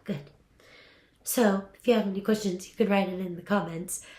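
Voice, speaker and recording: A woman's voice: mid-range voice, fairly even intonation, moderate pace, a little mellow. A young adult woman giving a casual voiceover lesson, chatty and upbeat with frequent fillers. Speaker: voiceover coach. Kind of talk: casual teaching talk. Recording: echoey room.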